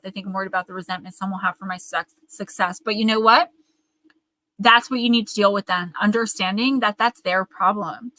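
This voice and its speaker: Woman, live oracle reader, earnest and encouraging; crisp bright voice, dry close sound. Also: medium pitch, no room sound, rough recording. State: tearing up.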